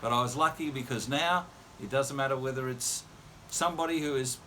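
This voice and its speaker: A man's voice: medium pitch, a little fast, background noise. An older man from Australia, a radio presenter and MC telling a chatty anecdote in casual storytelling style, quoting the other people in dialogue.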